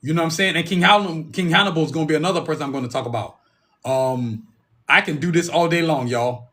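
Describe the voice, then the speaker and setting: A man's voice: a little high, fast, sharp tone. A man hosting a solo podcast in a casual, rambling way, repeating himself and calling out to the listeners. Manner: rambling, repeats himself, calls the audience "y'all". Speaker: podcast host.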